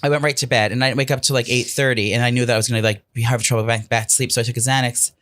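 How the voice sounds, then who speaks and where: A man's voice: mid-range voice, fairly even intonation, rapid-fire, a bit bright. A man co-hosting a podcast, chatting casually in a joking, self-mocking way and sounding a bit lethargic. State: lethargic, yawning. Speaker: podcast co-host.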